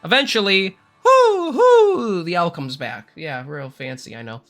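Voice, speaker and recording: A man runs a tabletop game as game master, with a bright, forceful voice pitched a little high. He narrates the party's travels and drops joking, self-mocking asides. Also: animated, normal speed, faint music behind.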